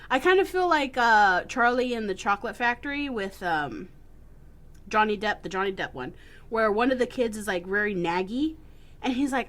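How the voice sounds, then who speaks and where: A young woman chats on a podcast in a blunt, profane way, her voice sitting fairly high. Her pitch swoops and jumps a lot as she talks. She is casual and outspoken. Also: expressive, normal speed, fairly bright tone. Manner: blunt, swears freely, mimics whiny kids. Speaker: podcast co-host. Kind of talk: casual chat.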